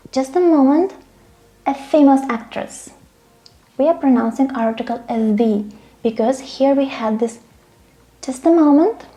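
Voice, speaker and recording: A woman's voice: a little high, mellow. A woman giving a grammar lesson, speaking patiently and often checking in with "okay?" and "right?". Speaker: English teacher.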